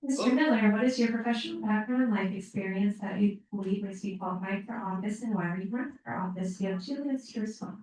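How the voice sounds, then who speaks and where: A woman's voice: mid-range voice, fast talker, hardly any pauses, a little mellow. Distant woman moderator in a very echoey hall. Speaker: townhall moderator. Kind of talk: reading out questions. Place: public meeting hall. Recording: very echoey hall, voice far from the mic.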